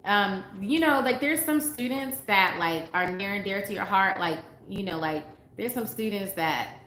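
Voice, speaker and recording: An expressive woman with a medium-pitched, slightly bright voice speaks at a moderate pace as a dating coach on a livestream. Casual but earnest and emphatic, she repeats her points and reads viewers' comments aloud; the recording is roomy, with faint background noise.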